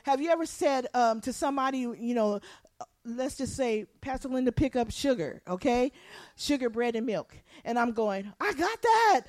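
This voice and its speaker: A woman pastor preaching a sermon, animated, acting out quotes and asking the congregation to respond. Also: a little high, moderate pace, dry recording.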